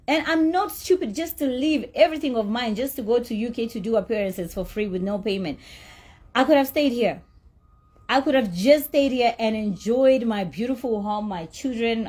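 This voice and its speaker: Husky-voiced woman, blunt and indignant. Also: on the high side, a little mellow. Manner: blunt, indignant storytelling with profanity; emphatic repetition. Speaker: celebrity telling her side of a dispute. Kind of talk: candid monologue.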